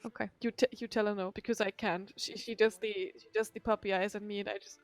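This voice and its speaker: A woman chatting in character in a roleplay game, animated and playful. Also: mid-range voice, fast talker, hardly any pauses. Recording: faint music behind.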